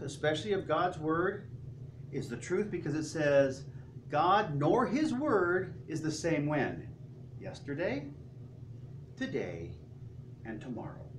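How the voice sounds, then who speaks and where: A man's voice: on the high side, slight background noise. A male pastor preaching a sermon, telling stories animatedly and asking rhetorical questions. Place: church sanctuary. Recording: roomy, distant church sound with faint ambience.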